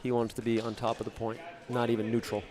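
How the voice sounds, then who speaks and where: A man's voice: medium pitch, monotone, fast. A man commentating a live match in a casual, emphatic way. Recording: loud music behind.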